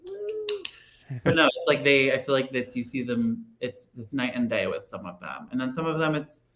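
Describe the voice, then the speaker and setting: A man guest telling gossip stories in a casual chat, animated and mimicking other people mid-sentence. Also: mid-range voice, brisk, background noise. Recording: roomy echo.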